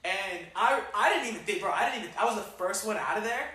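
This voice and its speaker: A young man telling a story on a casual podcast, slangy and animated, with plenty of swearing. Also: high-pitched, fast talker. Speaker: podcast co-host. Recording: echoey room, mic far off, faint noise.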